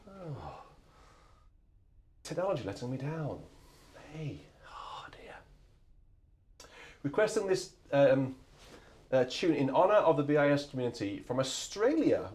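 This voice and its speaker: A man's voice: fairly high pitch, a little mellow. A man from England hosting a live organ stream, chatting casually and rambling with self-mocking asides. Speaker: organist and livestream host. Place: church organ loft.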